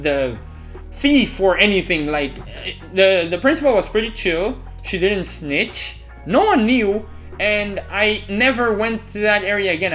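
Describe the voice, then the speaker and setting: A man telling a personal story on his vlog, casual and animated, swearing freely and laughing often. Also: high-pitched. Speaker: YouTube storyteller.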